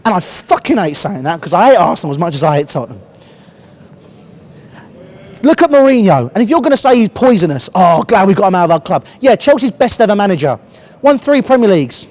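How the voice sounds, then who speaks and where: A man's voice: sits high, sing-song, fairly quick, long pauses, a little mellow. A young British man with a cold, ranting bluntly and passionately as a football fan reviewer, swearing often. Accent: British English. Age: young adult. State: has a cold, voice cracking. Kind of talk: heated fan rant to camera.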